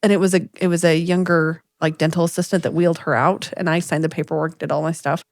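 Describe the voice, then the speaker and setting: A woman co-hosting a podcast, telling a story in a casual, animated way and acting out what people said. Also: sits low, quick pace, no echo, clean studio sound. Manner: animated storyteller, acts out quoted voices. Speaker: podcast co-host.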